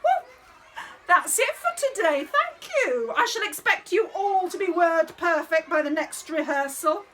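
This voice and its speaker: A woman's voice: extremely high pitch, very animated, a little slow, a bit bright, a little hiss or hum, exaggerated voice. A woman playing a fussy, bossy drama director running a school nativity rehearsal, in a theatrical, exasperated comic monologue.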